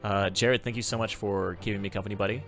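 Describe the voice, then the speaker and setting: A man streaming a travel game, reading its text aloud and chatting casually, in an animated, self-correcting way. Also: lowish voice, fast talker, faint music behind.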